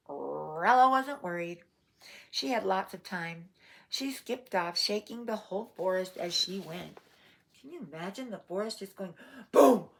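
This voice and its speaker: A woman's voice: mid-range voice, expressive, moderate pace, creaky. A woman reading a picture book aloud to children, adding playful asides and questions for her listeners. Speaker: storyteller. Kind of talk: read-aloud storytime for children.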